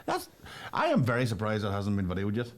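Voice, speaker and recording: A man, co-hosting a comic podcast with quick banter. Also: wildly swooping pitch. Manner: quick banter, wide-swinging pitch. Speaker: podcast co-host.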